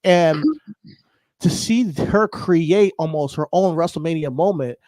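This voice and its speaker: A man co-hosting a podcast in casual chat, animated and laughing, getting emotional as he talks. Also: a little high, unhurried, no room sound. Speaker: podcast co-host.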